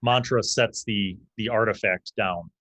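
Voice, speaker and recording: Low-voiced game master narrating. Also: male voice, measured pace, a bit bright, no room sound, muffled recording. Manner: casual, with loose fillers.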